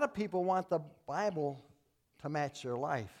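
A man preaching as a Baptist pastor, folksy and plain-spoken, swinging between loud emphatic lines and quiet asides. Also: a little high, lively intonation, measured pace. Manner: folksy, telling jokes and acting out voices. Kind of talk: sermon.

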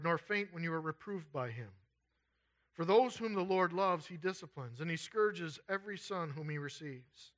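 In this sermon, a man reads from scripture and then explains how it applies. His delivery swings from loud and pressing to hushed, murmured asides.

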